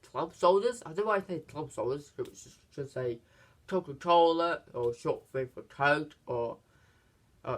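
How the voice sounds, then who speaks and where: A movie reviewer recapping a film's plot in casual talk, halting and full of restarts, acting out quoted lines in higher voices. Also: fairly bright tone. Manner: halting, many fillers and restarts.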